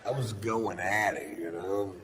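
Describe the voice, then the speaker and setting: A man's voice: sits low, unhurried, long reverb tail. A man doing stand-up, telling a long anecdote in a laid-back, profane storytelling manner on stage. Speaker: stand-up comedian. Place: comedy stage before a live audience. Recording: live show with steady background noise.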